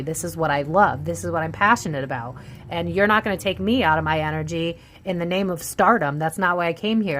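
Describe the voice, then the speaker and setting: A woman doing a casual psychic tarot reading, musing aloud and voicing what she senses, with frequent restarts and trailing phrases. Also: mid-range voice. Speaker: tarot reader.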